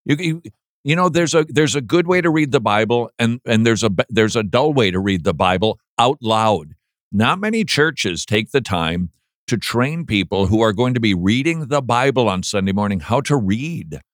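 Guy hosting a podcast, mid-pitch, joking around, dry close mic. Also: moderate pace, no echo. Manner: animated, mocking flat monotone readings. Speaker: podcast host. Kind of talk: casual chat.

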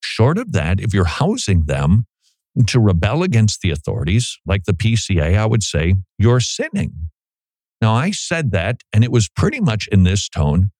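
This Christian radio host, a middle-aged man, gives an animated opinion monologue in a conversational way, at times mimicking others for emphasis. His darkish voice runs on the low side with big pitch swings at normal speed, and there's no echo.

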